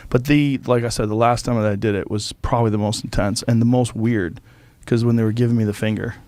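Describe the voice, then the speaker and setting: Profane, animated podcast host. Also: male voice, medium pitch, quick pace, no room sound. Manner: profane, animated, acts out voices in stories. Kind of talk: casual chat. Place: podcast studio.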